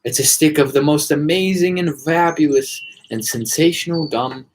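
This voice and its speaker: A man voicing an eccentric, proud male candy inventor who talks in boastful exclamations, with a husky voice. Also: a little high, normal speed, pitched above the performer's own voice, natural voice, poor audio.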